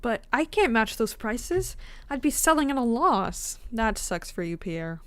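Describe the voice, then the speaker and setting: A woman's voice: a little high, sing-song, a little slow, fairly bright tone, clear, resonant tone, no room sound. Giggly chatty woman streaming a game. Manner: chatty, giggly, self-mocking. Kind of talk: casual gaming stream commentary.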